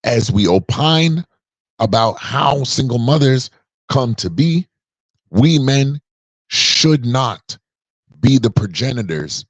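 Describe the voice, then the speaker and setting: Husky, preachy man around forty. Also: mid-range voice, no room sound. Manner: emphatic and preachy, drawing out key words. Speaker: podcast commentator. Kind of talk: opinionated monologue.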